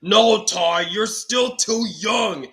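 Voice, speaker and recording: A man doing a slow firm old grandpa. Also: high voice, pushed and bright, pitched above the performer's own voice, exaggerated voice. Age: older.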